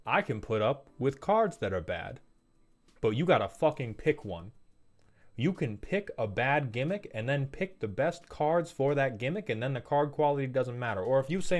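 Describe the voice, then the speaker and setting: A man's voice: medium pitch, big pitch swings, moderate pace, a little mellow. A man hosting a casual commentary video, reviewing viewer decks in a profane, exasperated rant. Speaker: host roasting viewer decks.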